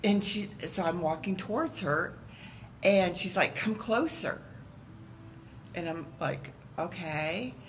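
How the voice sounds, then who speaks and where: Animated low-voiced woman telling a story. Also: slow pace, a little hiss or hum, rough recording. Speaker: church member. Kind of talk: casual storytelling. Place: church room, round table discussion.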